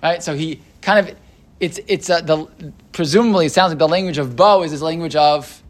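Reading aloud and explaining for his text study class, this Torah teacher works through ideas aloud, restarting often and asking the group "right?" He speaks at a moderate pace in a voice on the high side.

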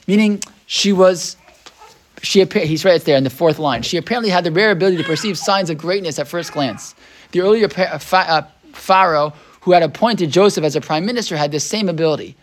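Leading a small group through a Torah class, an American man with a voice on the high side asks rhetorical questions and keeps checking in with "right?". He thinks aloud as he goes, often restarting his sentences.

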